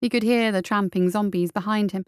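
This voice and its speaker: A woman narrating a story in a measured, even storytelling manner. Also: medium pitch, clean tone, dry recording, clean studio sound. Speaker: audiobook narrator. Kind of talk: scripted narration.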